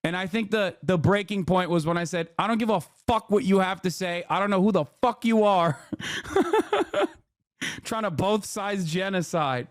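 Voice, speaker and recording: Male streamer, high voice, dry close mic, cussing and animated reactions. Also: normal speed, no room sound. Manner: profane, animated and boastful. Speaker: streamer and political commentator.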